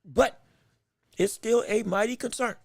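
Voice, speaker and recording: A very high-pitched man calling a boxing match live from his podcast setup, close on a dry microphone. He reacts quickly and excitably to each exchange and restarts his phrases as the action moves. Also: creaky, no room sound. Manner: excitable, quick reactions, frequent self-corrections. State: hiccups. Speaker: podcast host and fight commentator.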